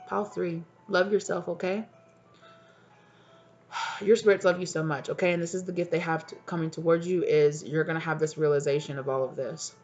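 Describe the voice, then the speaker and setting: A woman's voice: fairly even intonation, dull audio, soft background music. A woman tarot reader speaking straight to her viewers, affectionate and soothing, often checking in on them. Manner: soft and soothing, deliberately lowered voice. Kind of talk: tarot reading addressed to viewers.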